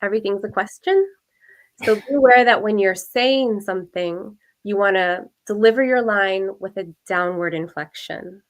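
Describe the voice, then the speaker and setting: A woman speaking as a guest coach, giving clear, practical advice in a measured way. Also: medium pitch. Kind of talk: advice in an interview.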